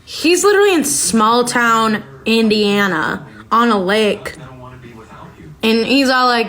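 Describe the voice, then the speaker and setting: A woman's voice: fairly high pitch, expressive, slow, a bit bright. A woman hosting a podcast, chatting casually and reacting aloud as she recaps a reality show, with lots of filler words. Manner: chatty, reacts aloud while watching, many "like"s. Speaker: podcast host.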